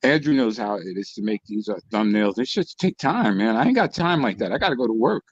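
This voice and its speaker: A man telling lively stories in a casual online group chat. He swears freely, laughs a lot and mimics the lines of other people. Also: lowish voice, fairly quick, no echo, muffled recording. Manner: animated storyteller, profane, mimics others' lines, laughs often. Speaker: channel host telling stories to co-hosts.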